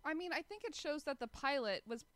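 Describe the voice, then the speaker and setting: A woman's voice: high voice, animated, a little fast, a bit bright, no echo. A woman co-hosting a casual chat about a TV episode, opinionated and wry. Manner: opinionated and wry, with laughs and asides. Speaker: podcast co-host.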